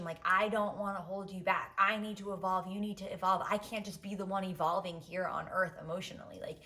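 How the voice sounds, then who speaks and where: A woman's voice: medium pitch, bright, forceful tone. A woman podcast host telling a candid personal story, emotional and profane, with many "like"s. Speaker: podcast host giving advice.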